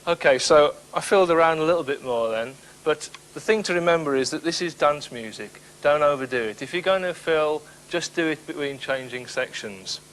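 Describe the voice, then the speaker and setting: Bright-voiced man teaching drum technique. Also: on the high side, moderate pace, few pauses, slight background noise, low-quality recording. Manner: clear step-by-step explaining, counts beats. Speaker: drum instructor. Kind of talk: instructional demonstration.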